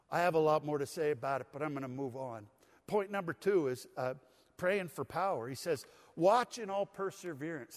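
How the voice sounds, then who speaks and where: An older male pastor with a high-pitched voice delivers a folksy, conversational sermon. The talk carries touches of humor. His voice rings out through a church hall with a long reverb. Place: church sanctuary.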